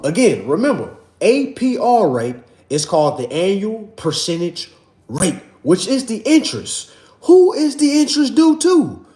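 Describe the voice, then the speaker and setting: Animated man lecturing on a livestream. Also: sits high, reverberant. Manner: preachy, repetitive, calls viewers "family" and "y'all". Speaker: livestream host teaching a finance class.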